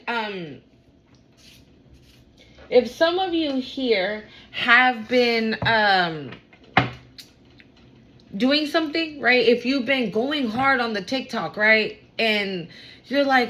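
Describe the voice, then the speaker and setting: A woman with a high voice excitedly races through a casual spiritual reading for her audience, heavy on slang and loose profanity. Audio is poor.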